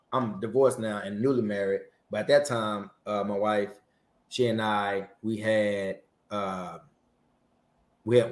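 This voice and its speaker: A man in his forties, a Marine veteran guest, telling a story in an interview and acting out the dialogue. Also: fairly low pitch. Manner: lively storyteller who acts out dialogue. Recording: roomy echo.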